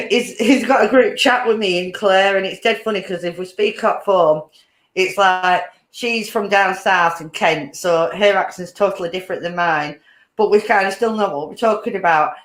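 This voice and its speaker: A woman's voice: mid-range voice, moderate pace, roomy sound. A woman hosting a casual chat, rambling along and laughing often. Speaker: podcast host.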